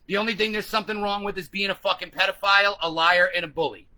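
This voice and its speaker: A man with a high, very bright and cutting voice rants to the camera, swearing freely and hammering each point home. He moves between combative tirades and answering viewer comments in a vlog. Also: fairly even intonation, fast talker, rough recording. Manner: profane, combative, emphatic. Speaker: vlogger. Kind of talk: ranting vlog, reading comments.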